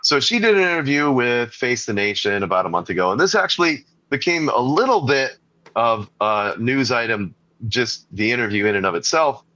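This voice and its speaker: A man's voice: medium pitch, sing-song, moderate pace, bright, forceful tone, dull audio. An American man, a guest comedy writer, chatting casually on a podcast in a joking, profane, laid-back way over a remote call. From United States.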